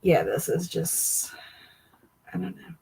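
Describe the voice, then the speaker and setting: A woman's voice: fairly low pitch, expressive, slow pace, creaky, warm tone, a little hiss or hum, poor audio. A woman hosting a casual livestream, reacting with amused, laughing commentary. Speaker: livestream host.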